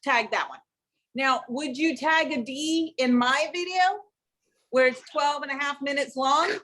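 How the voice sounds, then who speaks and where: High-voiced woman hosting a live stream. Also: a little slow, fairly bright tone. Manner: enthusiastic, asks the audience questions. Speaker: host.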